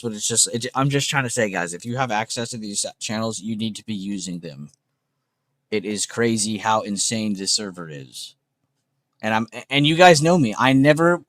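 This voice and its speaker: A man's voice: mid-range voice, a bit bright, no echo. A man hosting a trading livestream, talking in a blunt, emphatic, unscripted way, swearing often and repeating points.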